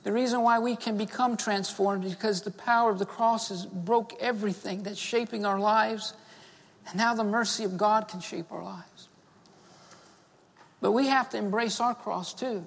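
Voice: mid-range voice, fairly even intonation, normal speed, creaky. A pastor preaching a sermon and leading an altar call, fervent, repeating key phrases and punctuating them with "amen" and "beloved.". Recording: long reverb of a large hall.

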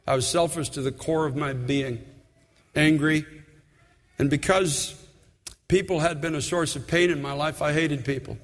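A man's voice: a little high, steady tone, moderate pace, long pauses, big-room sound. A man in his sixties, a pastor, preaching an earnest sermon full of personal stories in a church.

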